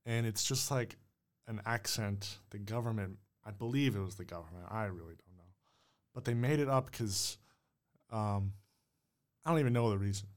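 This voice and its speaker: Male host, lowish voice, casual solo monologue, thinks out loud and hedges a lot. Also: moderate pace. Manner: musing, unsure, rambling with hedges.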